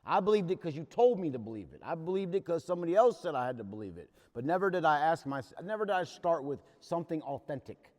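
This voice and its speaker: Very animated and rapid, with few pauses, a man with a slightly high, darkish voice leads a recovery workshop and tells his story in an earnest, plain-spoken way. A long reverb from the hall hangs on his speech.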